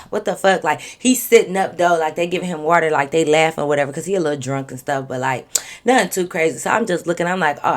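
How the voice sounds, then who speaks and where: A young woman vlogger telling a storytime story in an animated, slangy way full of profanity. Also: low voice. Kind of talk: storytime vlog.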